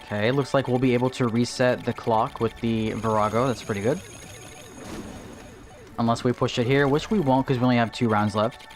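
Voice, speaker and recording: Male streamer, mid-pitched, relaxed chat over faint game music. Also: a little fast. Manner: casual, thinking aloud, greets chat. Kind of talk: live gameplay commentary.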